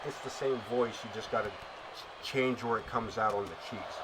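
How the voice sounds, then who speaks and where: A man's voice: lowish voice, moderate pace, heavy background noise. A man casually commentating as he streams a wrestling game. He rambles and jokes, with lots of fillers and restarts. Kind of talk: casual chat.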